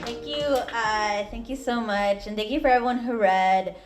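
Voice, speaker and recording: Halting woman open mic host. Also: fairly high pitch, loud music behind the voice. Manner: halting, many fillers and restarts. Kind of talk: hosting and poetry reading. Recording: distant mic in a room.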